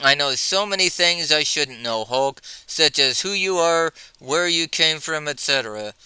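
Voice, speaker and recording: A man's voice: fairly high pitch, expressive, unhurried, bright, forceful tone, clear, resonant tone, no echo, full character voice, poor audio. A man reading the lines of a smug, wordy male scientist from a comic.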